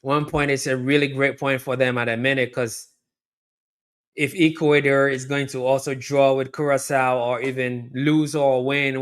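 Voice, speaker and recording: Hosting a live match watch-along, a man with a smooth, medium-pitched voice talks straight to his viewers and chats his way through the game. He repeats himself a lot and erupts into loud, excited yelling whenever there's a near miss.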